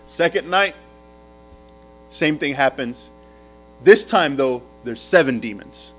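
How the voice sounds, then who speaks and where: A man preaching a sermon as a pastor, telling stories in an animated way with casual slang. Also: medium pitch, measured pace, faint music behind.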